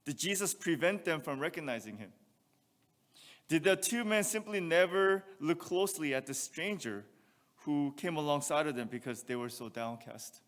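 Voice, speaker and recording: A man's voice: fairly high pitch, fairly bright tone, big-room sound. A male pastor preaching a sermon, reading scripture aloud and asking rhetorical questions. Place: church sanctuary.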